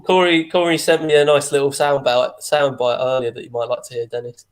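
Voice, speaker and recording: A man's voice: medium pitch, little pitch movement, fairly quick, crowd noise. A man co-hosting a football watchalong, easygoing and chipping in with short remarks. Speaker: fan co-host of a match watchalong. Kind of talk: casual football chat.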